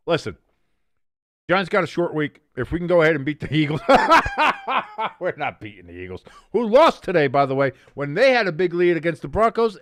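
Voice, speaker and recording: Animated, joking male game commentator. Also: on the high side, no echo. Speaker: livestream host doing play-by-play. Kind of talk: casual play-by-play commentary.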